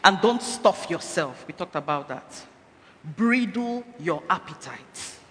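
A woman's voice: on the low side, animated, slow pace, fairly bright tone. A woman giving a health talk inside a sermon, urging her listeners and asking rhetorical questions. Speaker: church speaker. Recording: echoey hall, faint background noise.

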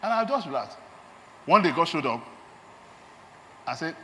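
This sermon comes from a lay preacher and doctor with a Nigerian accent, who stresses and repeats his key phrases. His voice is a little high, very animated, pushed and bright, moving at normal speed with long pauses. Slight background noise, faint ambience and long hall reverb fill the recording.

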